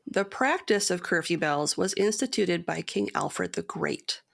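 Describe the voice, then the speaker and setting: A woman co-hosting a podcast, reading a long poem and source quotes aloud in a measured storytelling cadence, then chatting casually. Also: on the low side, huge pitch swings, vocal fry, fairly bright tone. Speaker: podcast co-host.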